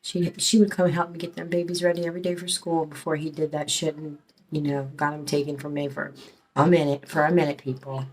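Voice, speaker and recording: A woman's voice: sits low, little pitch movement, brisk, a little hiss or hum. A middle-aged woman telling a personal story in a rambling, emotional way, swearing often and restarting her sentences. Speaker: storyteller recounting her past.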